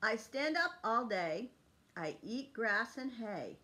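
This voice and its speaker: A woman's voice: a little high, big pitch swings, slow pace, sharp tone, full character voice. A woman reading as a playful horse.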